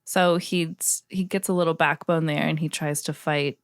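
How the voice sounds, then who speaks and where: A woman's voice: sits low, steady tone, normal speed, dry recording, studio quality. A woman co-hosting a podcast as a first-time reader, skeptical and blunt in casual chat. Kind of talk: casual book-club chat.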